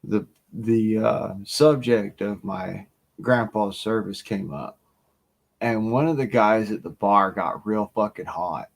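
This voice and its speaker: A man telling a profane, animated bar story on his stream. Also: on the low side, slow, gravelly. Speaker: stream host. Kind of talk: casual storytelling.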